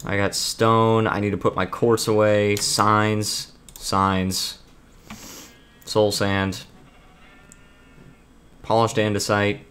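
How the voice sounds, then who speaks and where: A man's voice: on the low side, little pitch movement, slow, pauses often, clear, resonant tone. A man streaming a building game, chatting casually to viewers and rambling with frequent restarts. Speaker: gaming streamer. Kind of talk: casual live-stream chat.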